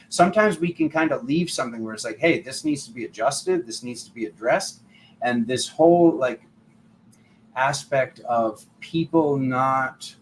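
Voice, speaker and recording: A man's voice: mid-range voice, low-quality recording. Rambling man reading tarot, faint hiss. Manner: rambling, filler-heavy, acts out quoted voices. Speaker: tarot reader. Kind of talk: casual spiritual monologue.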